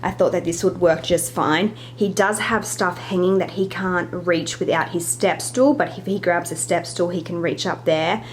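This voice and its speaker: Young woman vlogger, slightly breathless, chatty, low-ish register, faint hiss behind. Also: fairly even intonation, normal speed, few pauses. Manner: chatty, apologetic asides. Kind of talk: casual home tour narration.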